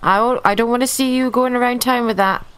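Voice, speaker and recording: A woman's voice: a little high, fairly even intonation, fast, fairly bright tone, clear, resonant tone. A woman playing a tabletop role-playing game, speaking in a playful, bossy way. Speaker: player.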